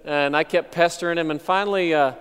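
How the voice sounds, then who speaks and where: A man's voice: fairly high pitch, a little fast, fairly bright tone, clear, resonant tone, long reverb tail. A man, a missionary pastor, telling a personal testimony in a conversational, reflective way.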